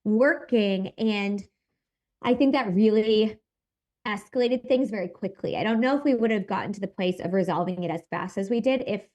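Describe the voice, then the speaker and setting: A woman in her thirties, a podcast guest, telling a personal story in an animated, emphatic way. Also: medium pitch, moderate pace. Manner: animated, emphatic retelling with acted quotes. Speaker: podcast guest, content creator.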